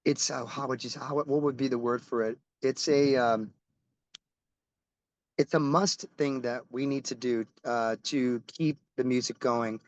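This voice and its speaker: Rambling middle-aged rock musician, dry sound. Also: male voice, medium pitch, measured pace, no echo, highs cut off. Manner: animated, rambling storyteller with many restarts and casual swearing. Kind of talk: casual interview storytelling.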